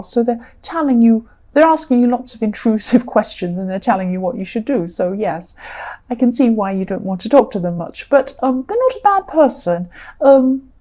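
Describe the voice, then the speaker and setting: A woman giving a casual tarot reading in a relaxed, chatty way, with many fillers. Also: fairly high pitch. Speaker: tarot reader.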